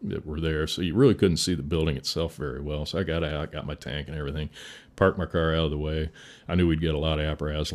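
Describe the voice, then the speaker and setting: A man, a fire chief from the Midwest, telling a war story in a folksy way, swearing and chuckling now and then. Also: a bass voice. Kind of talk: casual storytelling.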